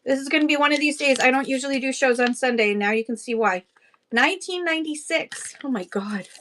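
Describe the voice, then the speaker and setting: A woman's voice: high voice, fast talker, a bit bright, slight background noise. A woman from Canada hosting a casual live-stream auction, chatty and rambling, greeting viewers by name. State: out of breath.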